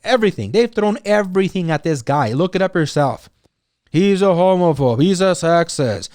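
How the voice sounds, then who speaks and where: A man's voice: sits high, expressive, normal speed, a little mellow, no room sound. Rambling male podcaster, dry close sound. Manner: rambling, filler-heavy, frequent "right?" and "you know". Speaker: podcast host. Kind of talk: casual solo commentary.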